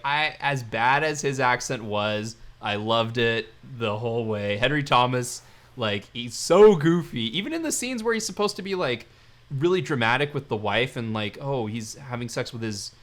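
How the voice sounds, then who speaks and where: Male podcast co-host, casual and joking, middle pitch. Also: lively intonation, moderate pace, a bit bright. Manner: chatty, joking, retells scenes. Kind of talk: casual chat reviewing a TV series.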